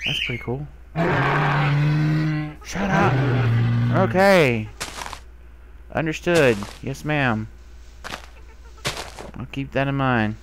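A young man giving casual commentary while playing a video game, who talks to the animals he finds and gets excited, sometimes swearing. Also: mid-range voice, very slow, long pauses. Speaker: gamer. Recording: faint background noise.

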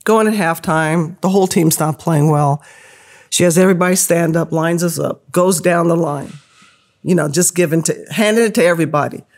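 A woman in her fifties telling a story as a podcast guest, lively, laughing often and acting out the people she quotes. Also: on the low side, moderate pace. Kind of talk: animated storytelling.

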